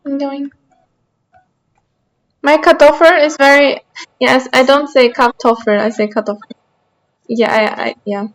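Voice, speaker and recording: A woman's voice: sits high, measured pace, pauses often, low-quality recording. A woman with a light Austrian accent, chatting casually with her stream chat while playing a game, rambling as she goes.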